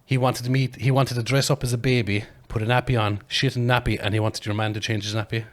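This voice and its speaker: A man's voice: medium pitch, quick pace. Man telling a wild story. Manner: animated, swearing, laughing storyteller. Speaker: podcast host. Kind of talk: casual storytelling chat.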